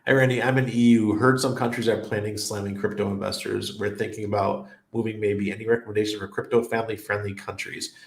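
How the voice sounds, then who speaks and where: A man's voice: on the low side, flat delivery, fast talker, gravelly, few pauses, slight background noise. A middle-aged man hosting a casual crypto livestream, reading viewer comments and rambling through anecdotes with frequent laughs. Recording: roomy echo.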